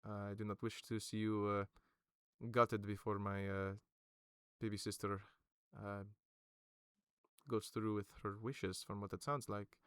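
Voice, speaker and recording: A man voicing a solemn young crown prince who speaks formally and quietly. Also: level tone, measured pace, smooth, no room sound, studio quality, natural voice. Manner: low, quiet, formal speech.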